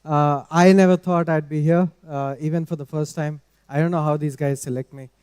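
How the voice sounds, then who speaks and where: A man giving a technical talk at a conference in a measured, explanatory way. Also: a little high, fairly even intonation, darkish tone, clean tone, no room sound, clean studio sound, in a large hall. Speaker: conference speaker. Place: large conference hall.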